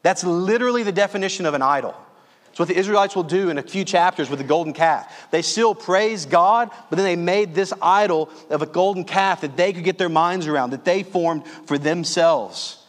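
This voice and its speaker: A male pastor from Louisiana delivers an earnest sermon in a fairly high voice. He leans on key phrases, slowing down to stress them. His words ring out with a long reverb, as in a church hall. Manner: earnest, calls listeners "friends", slows on key phrases.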